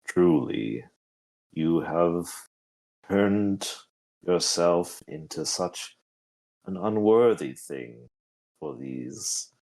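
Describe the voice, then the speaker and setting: A man voicing a weary undead male death knight who speaks gravely and scolds with exasperation. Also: low voice, animated, extremely slow, long pauses, a little mellow, exaggerated voice.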